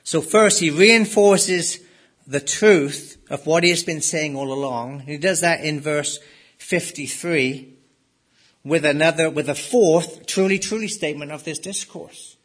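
Male pastor, husky and a touch high, emphatic sermon delivery. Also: unhurried. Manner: emphatic, rises and drops sharply for stress.

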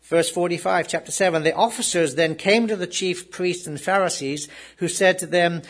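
A high-pitched man preaches at a moderate pace, reading scripture aloud and then discussing it. He swings from loud reading to soft asides and repeats words as he goes.

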